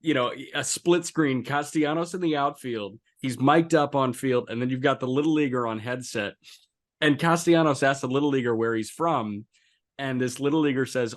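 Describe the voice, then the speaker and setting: A man co-hosting a baseball podcast, recapping games with enthusiasm and quick stat-heavy talk. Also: medium pitch. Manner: enthusiastic, recaps game stats in a brisk flow. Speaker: podcast co-host. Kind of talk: casual sports podcast chat.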